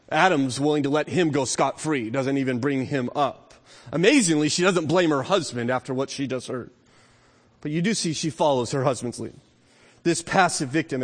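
A fairly high-voiced man preaches a sermon in a church, and his voice rings out with a long echo off the walls. He builds to loud, emphatic peaks, then drops low and slows down for his asides. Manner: acts out quoted excuses in a muttering voice. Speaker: pastor. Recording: long reverb of a large hall.

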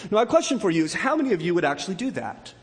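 A man preaching a sermon in a church, telling a story with acted quotes and his voice swinging high and low. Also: sing-song, rapid-fire. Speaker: pastor. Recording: long hall reverb.

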